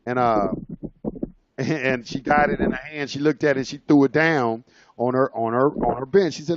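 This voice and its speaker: Man, casual storyteller, rambling with fillers, mid pitch, dull muffled audio. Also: normal speed, slight background noise. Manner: rambling, informal, with many fillers and restarts. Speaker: speaker sharing his own experience.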